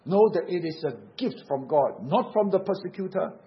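A man's voice: high voice, animated, moderate pace. Earnest male preacher, lo-fi sound. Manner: earnest, emphatic preaching with repeated phrases. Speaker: pastor. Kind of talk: sermon.

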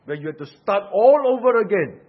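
A man delivers a sermon, pressing his points with rhetorical questions and bursts of force. His voice sits slightly high and husky. The recording sounds dull and lo-fi. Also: big pitch swings, a little fast. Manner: emphatic, rhetorical questions, rising and falling force. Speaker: pastor.

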